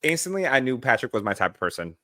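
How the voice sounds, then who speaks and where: A man co-hosting a podcast, chatting casually in an animated way with quick asides. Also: medium pitch, no echo, clean studio sound. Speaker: podcast co-host. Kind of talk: casual chat.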